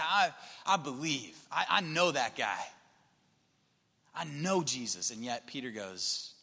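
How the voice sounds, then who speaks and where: A man preaching a sermon, dropping to a hushed low voice and then rising to loud, emphatic lines. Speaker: pastor. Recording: long hall reverb.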